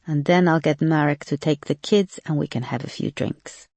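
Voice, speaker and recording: A woman voicing a Slovak younger sister who gently comforts her grieving sibling in an audiobook. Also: low-pitched, normal speed, no echo. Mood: soothing.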